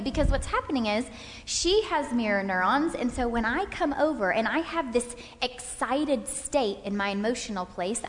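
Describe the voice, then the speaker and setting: Woman, high voice, animated class leader acting out examples, reverberant hall. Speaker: speaker leading a parenting class. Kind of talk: interactive faith-based lecture with volunteers. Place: stage in a large hall. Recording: hall reverb from a stage talk.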